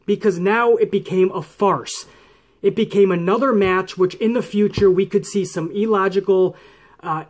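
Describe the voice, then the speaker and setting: A man hosting a wrestling commentary show, ranting angrily and swearing a lot. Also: high-pitched. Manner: angry, swearing, mocks referees in put-on voices.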